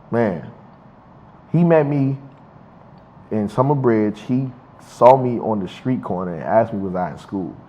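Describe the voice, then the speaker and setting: A man's voice: lowish voice, animated, slow pace, pauses often, mellow. A young man talking in a casual interview, heartfelt and emphatic, often repeating his words. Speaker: interviewee, university student. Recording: dull lo-fi recording with faint noise.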